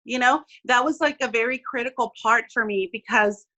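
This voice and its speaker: A woman's voice: a little high, fairly quick, sharp tone, poor audio. A woman in her forties, a guest speaking candidly and earnestly in an interview, often checking in with "right?".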